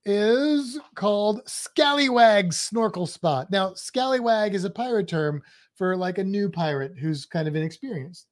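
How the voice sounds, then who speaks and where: A man's voice: sits high, lively intonation, a little slow. A man co-hosting a podcast, rambling through a walkthrough and cracking jokes and puns. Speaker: podcast co-host. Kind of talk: casual chat.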